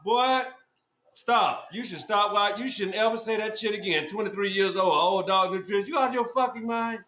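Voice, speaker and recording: A man hosting a podcast who berates his guest in a loud, repetitive, profane rant. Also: high voice, normal speed. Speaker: podcast host. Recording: echoey room with faint noise.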